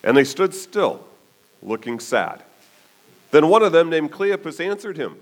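A male pastor delivers a sermon in a slightly high voice at a little slow pace. Retelling a story, he is animated, his pitch swinging widely, and he keeps checking in with listeners by asking "okay?".

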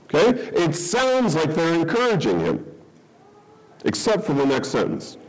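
Animated man preaching. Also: a little high, measured pace, low-quality recording. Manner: conversational, checks in with listeners; animated, rhetorical questions. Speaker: pastor or Bible teacher. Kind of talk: sermon, Bible teaching.

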